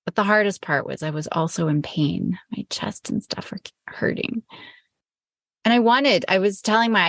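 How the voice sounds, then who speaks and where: Gravelly low-voiced woman telling rambling stories. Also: normal speed, fairly bright tone, dry recording. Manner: rambling, self-correcting storyteller. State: recovering from illness. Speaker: podcast co-host. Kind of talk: casual chat.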